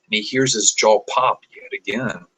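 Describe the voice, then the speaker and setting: A man improvising a story aloud, describing scenes as he goes, often pausing and restarting mid-sentence. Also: lowish voice, fairly even intonation, pushed and bright, low-quality recording. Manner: halting, searching for words, many restarts.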